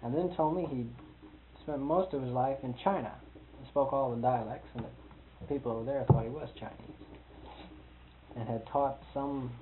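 A man's voice: mid-range voice, normal speed, pauses often. Storyteller, man, rambling and amused, tinny lo-fi recording with hiss. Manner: rambling, amused, chuckles often. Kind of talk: personal storytelling.

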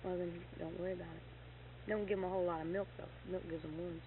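Her voice sits on the low side and she talks fast: a middle-aged horse owner telling stories in casual conversation. Animated, she plays out quoted dialogue and heats up retelling her anger, recorded on tinny, faintly hissing lo-fi tape.

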